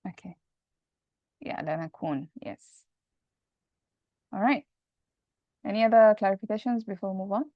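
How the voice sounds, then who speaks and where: A woman's voice: mid-range voice, normal speed, long pauses, no room sound. A woman teacher walks her class through grammar patiently, one step at a time, coming back to each key point. Her voice sounds dry and close, and it comes over a somewhat dull, lo-fi online call.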